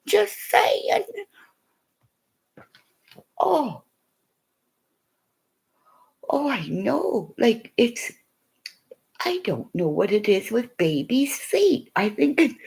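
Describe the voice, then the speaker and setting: An older woman chatting casually to her viewers, telling animated stories full of exclamations and swearing. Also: mid-range voice, gravelly, slightly rough. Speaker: vlogger. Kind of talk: casual chat.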